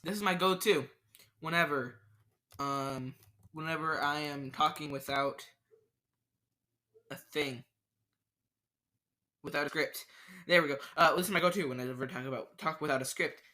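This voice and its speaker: Bright-voiced rambling podcaster. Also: mid-range voice, moderate pace, long pauses. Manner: rambling, stammering, repeats words and restarts. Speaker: solo podcast host. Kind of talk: unscripted solo podcast rant.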